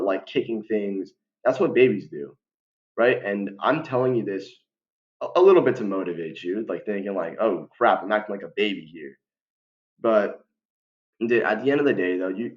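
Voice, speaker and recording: A young man talking casually to the camera as a vlogger, rambling with lots of fillers and restarts and calling the listener "bro". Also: fairly low pitch. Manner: slangy, many fillers and restarts, keeps saying "bro". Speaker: vlogger giving life advice. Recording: dull lo-fi recording.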